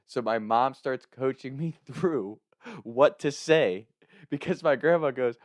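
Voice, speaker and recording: A young adult man from Kentucky telling a funny personal story, animated and often laughing as he speaks. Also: mid-range voice, a little slow, no room sound, studio quality. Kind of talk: comic storytelling.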